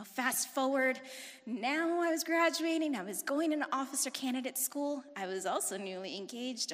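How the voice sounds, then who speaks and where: A woman in her forties giving a personal testimony in church, talking fast and telling her story with animated, emphatic intensity. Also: high-pitched. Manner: emphatic, rising to forceful intensity. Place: church sanctuary. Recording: long reverb of a large hall.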